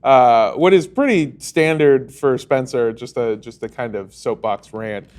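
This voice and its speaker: A man narrating a tabletop role-playing game as game master in a relaxed, descriptive storytelling manner. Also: medium pitch, unhurried, slight background noise.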